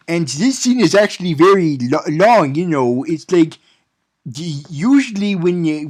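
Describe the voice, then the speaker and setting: Sarcastic, rambling man recapping a movie. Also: on the high side. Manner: sarcastic and rambling, with many stumbles and restarts. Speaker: movie reviewer. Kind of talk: casual spoiler-filled movie recap.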